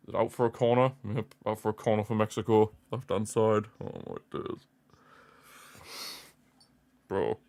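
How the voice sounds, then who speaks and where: A man's voice: fairly low pitch, darkish tone. A young man hosting a football watchalong stream, anxious and pleading as he comments on the match live.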